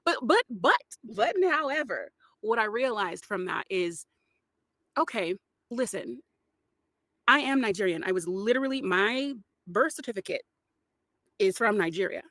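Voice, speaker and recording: A chatty woman talking as a podcast guest in a dry, close recording with hardly any room sound. She rambles a little, laughs often, and restarts sentences as she goes. Her pitch sits in an ordinary middle range. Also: lively intonation, measured pace, fairly bright tone, no room sound. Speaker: voice actor guest. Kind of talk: casual podcast interview chat.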